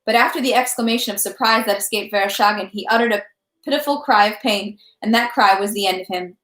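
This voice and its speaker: A woman reads a classic novel aloud at home in a steady narrating voice, catching small slips as she goes. Her voice sits at a middle pitch. The room gives it a noticeable echo. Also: quick pace. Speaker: reader. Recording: roomy echo.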